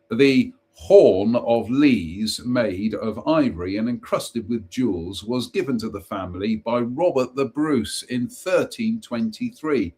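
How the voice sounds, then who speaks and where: A man reads ghost stories aloud on a live stream in a slow, unhurried way. His voice is husky and a little rough. Between passages he makes chatty, self-mocking asides and trips over the odd place name. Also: on the low side. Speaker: host.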